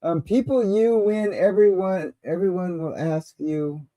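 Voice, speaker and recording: A man with a high, warm voice hosts a call-in livestream at an unhurried pace, captured without echo. He chats casually, rambling and making crude jokes while wrestling with technical issues.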